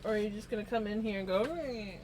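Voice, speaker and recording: A woman's voice: medium pitch, flat delivery, racing, background noise. A woman streaming from home, chatting casually and laughing often between remarks. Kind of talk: casual chat while streaming.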